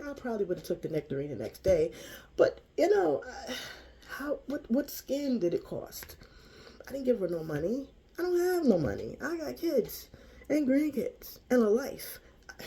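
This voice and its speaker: A woman's voice: medium pitch, gravelly, mellow. An older woman vlogger talking casually to camera in a chatty, folksy, preachy way.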